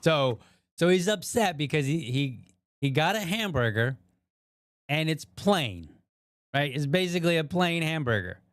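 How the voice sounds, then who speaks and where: A man's voice: a little high, sing-song, a little slow, a bit bright, no room sound, clean studio sound. A man hosting a show, chatting casually about a video and thinking aloud with frequent asides to viewers. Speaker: podcast host. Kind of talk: casual commentary on a viral video.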